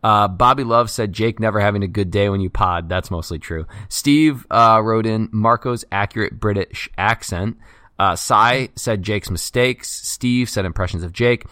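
A man co-hosting a casual podcast, reading out listener write-ins quickly and joking with his co-host. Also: lowish voice, sharp tone, no echo, clean studio sound.

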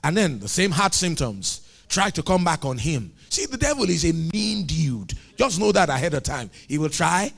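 Male preacher, high lively voice with grit, dramatic sermon delivery that swings up into shouts. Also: normal speed, vocal fry, hardly any pauses. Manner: animated preaching with shouted climaxes and acted dialogue.

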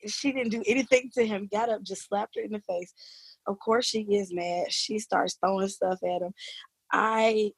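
A woman with a husky, slightly breathy voice at a middle pitch, telling a story in a casual interview. She is animated and informal and often slips into laughter. The recording is dry and close, with no room sound. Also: moderate pace, no room sound. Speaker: teacher.

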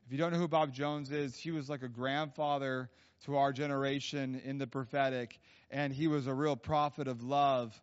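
A man's voice: medium pitch, little pitch movement, normal speed, clear, resonant tone. A man preaching a sermon in a casual, rambling storytelling way, full of fillers and restarts, in a church. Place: church hall. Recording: dull sound with long hall reverb.

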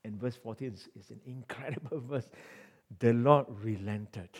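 A man preaching a sermon, reading scripture aloud and swinging between forceful emphasis and quiet asides, with rhetorical questions to the congregation. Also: mid-range voice, moderate pace, breathy edge. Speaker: pastor.

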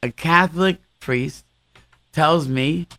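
A man's voice: fairly high pitch, slow, a bit bright, no room sound. A man in casual conversation, reminiscing and sprinkling Hebrew religious terms into his English. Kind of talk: casual chat.

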